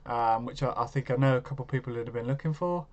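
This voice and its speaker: A chatty man hosts a live stream, talking casually and answering his viewers' comments as he goes. His voice sits at an ordinary middle pitch. The stream audio is a little dull and lo-fi. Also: fast talker.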